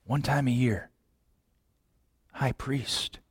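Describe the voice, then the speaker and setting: Impassioned male preacher, hushed to loud. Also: mid-range voice, steady tone, very slow, husky, dry recording, clean studio sound. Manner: impassioned, rhetorical questions, swings from hushed to loud. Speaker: pastor. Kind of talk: sermon.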